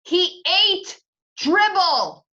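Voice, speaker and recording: A woman voicing an upset young boy who shouts and pleads with his family. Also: extremely high pitch, sing-song, moderate pace, dull audio, pitched above the performer's own voice, heavily acted. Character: sulky upset schoolboy narrator-brother.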